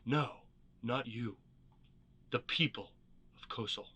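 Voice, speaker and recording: A man voicing a gruff, wary veteran male rebel leader in a storybook reading, talking in blunt, clipped and wry lines. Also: mid-range voice, slow, sharp tone, heavily acted.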